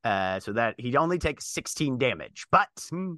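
A man narrating combat as game master in a relaxed, descriptive way. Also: medium pitch, normal speed, no echo, clean studio sound.

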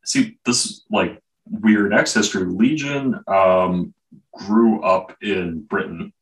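Deep-voiced guy on a comics podcast, slow and laid-back, lots of ums, kinda far from the mic. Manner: laid-back, halting, with many fillers. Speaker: podcast co-host. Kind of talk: casual chat reviewing comics.

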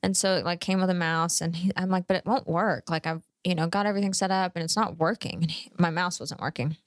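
A woman's voice: lowish voice, fairly even intonation, quick pace, no echo, clean studio sound. A woman co-hosting a podcast, chatting casually and rambling through a story with many fillers and restarts. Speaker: podcast co-host. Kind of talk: casual chat.

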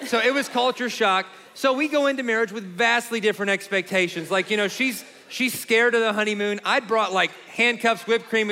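A man in his forties, co-hosting and telling comic stories in an animated, laughing way. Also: very high voice, in a large hall, background noise. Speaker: co-host. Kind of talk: comic storytelling in conversation.

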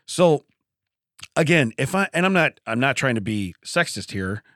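A man's voice: medium pitch, normal speed, no room sound, clean studio sound. A man co-hosting a morning radio show, bantering casually and laughing often as he tells stories. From Illinois. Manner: laughs often, animated storytelling.

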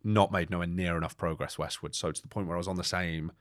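Fast-talking man, deep voice. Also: no echo, studio quality. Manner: animated, swearing, laughs while telling. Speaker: guest, record-setting ocean rower. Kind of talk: casual storytelling interview.

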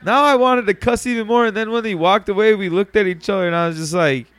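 A young man with a slightly high voice telling a story on a podcast, cursing freely and laughing through it. The sound is dry and close, with no room echo at all. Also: quick pace, clean tone. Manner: profane, laughing, animated retelling. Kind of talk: casual storytelling chat.

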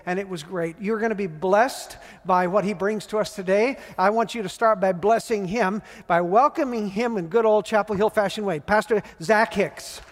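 High-voiced pastor welcoming his church. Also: normal speed, few pauses, slight background noise. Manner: warm, affectionate, asks the congregation questions. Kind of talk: welcome and guest introduction. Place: church sanctuary. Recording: long church hall reverb with soft music.

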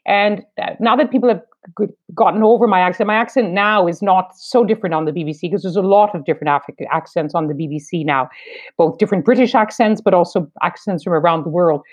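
A woman in her fifties from eastern Canada, a foreign correspondent with a Canadian accent, speaking in a measured, wry, reflective way in an interview. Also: lowish voice. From New Brunswick, Canada. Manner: measured, wry, deliberate phrasing. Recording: slightly dull lo-fi sound.

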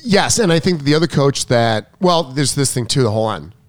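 A man's voice: medium pitch, lively intonation, brisk, dry recording. Middle-aged tennis coach guy rambling on, keeps cutting himself off, dead dry mic. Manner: rambling, restarts mid-sentence, acts out quotes. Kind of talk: casual chat.

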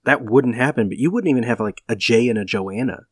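A man with a middle-pitched voice explaining points calmly in a casual podcast chat. The recording is dry and close. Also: fairly quick, no echo. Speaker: podcast co-host.

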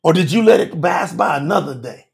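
A man preaching a sermon with emphasis, moving between shouted lines and quiet low asides. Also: animated, a little fast, vocal fry, breathy edge.

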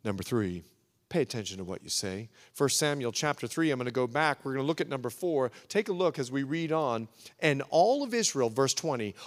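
A man's voice: medium pitch, very animated, brisk, a bit bright. A man preaching a sermon as pastor, emphatic and repetitive, swelling and dropping in intensity. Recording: echoey hall recording.

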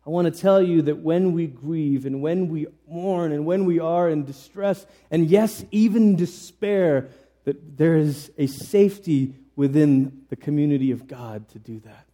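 A man preaching a conversational sermon in an earnest manner, often restarting his sentences and swinging suddenly between soft and emphatic. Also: a little high, measured pace.

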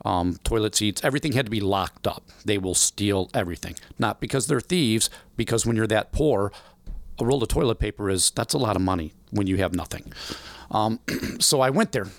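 A man in his forties from the American Midwest, telling stories in an interview, animated and acting out voices in the quotes. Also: on the low side, a little fast, no echo. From Illinois, USA. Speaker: guest. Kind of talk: storytelling interview.

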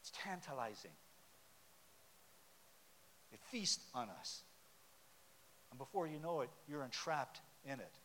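A man's voice: medium pitch, animated, a little slow, long pauses, a bit bright. A man preaching a sermon in a church sanctuary, talking conversationally and quizzing the congregation with questions. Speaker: pastor. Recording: long hall reverb with faint hiss.

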